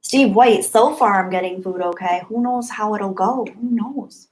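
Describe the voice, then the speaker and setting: A woman chatting casually on a live stream from her home webcam setup, reading chat and greeting viewers with bubbly, gushing excitement and little gasps. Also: medium pitch, a little slow, hardly any pauses, poor audio. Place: home, apartment.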